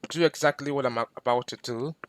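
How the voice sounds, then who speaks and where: A man teaching a screen-recorded software lesson, patient and step by step, repeating himself with fillers. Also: medium pitch, fast talker, no room sound. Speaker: instructor.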